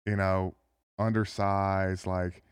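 A man in his thirties, a former football player, chatting as a podcast guest in a studio, talking in a halting way full of fillers and restarts. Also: low voice, monotone, smooth, no room sound. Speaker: NFL tight end guest. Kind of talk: casual podcast interview.

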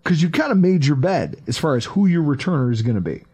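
Host pria, suara agak tinggi dan serak, obrolan olahraga yang hidup dan kasar. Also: male voice, on the high side, quick pace, breathy edge. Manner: animated, profane, acts out quotes. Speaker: podcast host. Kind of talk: casual sports podcast chat.

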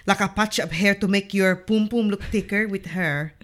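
A woman chatting casually as a podcast guest, loud and profane, joking and quick to laugh. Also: mid-range voice. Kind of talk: casual chat.

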